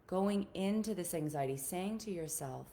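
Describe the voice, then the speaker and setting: A woman's voice: lowish voice, animated, moderate pace, mellow, a little hiss or hum. A woman relationship coach talking casually on a live stream to her group, earnest and encouraging, often repeating her key points.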